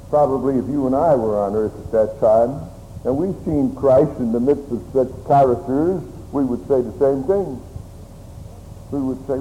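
A man preaching a sermon slowly and solemnly, with old-fashioned phrasing. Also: medium pitch, mellow. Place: church. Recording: church hall reverb with faint room noise.

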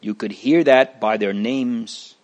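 Slow-reading male storyteller. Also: medium pitch, a little mellow. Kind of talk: storybook narration for children.

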